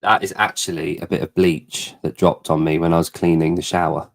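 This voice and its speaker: A man's voice: low voice, level tone, a little fast, vocal fry. A man co-hosting a live podcast, rambling, jokey and swearing freely in casual chat. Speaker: podcast co-host.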